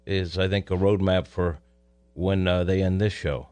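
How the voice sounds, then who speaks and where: Wry low-voiced man with a faint New York twang. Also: flat delivery, normal speed, darkish tone, clear, resonant tone, dry recording. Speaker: radio co-host. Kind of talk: casual radio banter.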